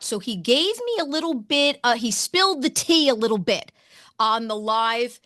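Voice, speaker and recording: A higher-pitched woman interviewing a guest, bubbling with excitement and rushing through her sentences. Her voice sits close and dry, with hardly any room around it. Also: dry recording. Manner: gushing, excitable, talks fast in bursts. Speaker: radio host and interviewer. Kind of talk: enthusiastic interview chat.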